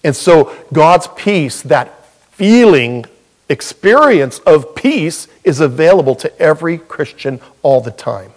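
A man's voice: fairly high pitch, lively intonation, slow. A man preaching a sermon as pastor in a church, earnest and folksy with touches of humor.

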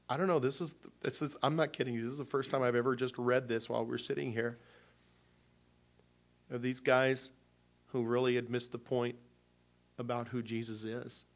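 A man telling a personal story from the pulpit in a midrange voice. He talks loosely and with feeling, stopping and restarting often. The tone stays warm and unscripted. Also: mid-range voice, level tone, moderate pace, long pauses. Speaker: pastor. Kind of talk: sermon before communion.

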